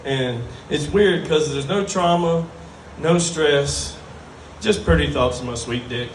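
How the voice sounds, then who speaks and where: Speaking slowly with a fairly high pitch, a stand-up comedian with a drawl delivers a crude, self-deprecating set to a live bar crowd. A distant mic captures the roomy room along with a little hiss or hum.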